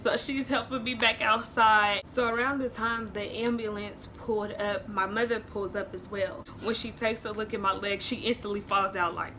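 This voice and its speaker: A woman's voice: mid-range voice, normal speed, hardly any pauses, background noise. A woman vlogger dramatically retelling a story to her viewers in a casual storytime vlog. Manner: animated, dramatic retelling, talks to viewers as y'all.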